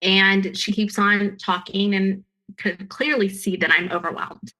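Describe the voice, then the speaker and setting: A woman with a bright, forceful voice recounts her own experience. She speaks earnestly and emphatically and often breaks off and restarts her sentences. Her pitch sits in a middle range for a woman. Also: fairly even intonation, unhurried, rough recording. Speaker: guest sharing her story. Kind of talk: personal storytelling.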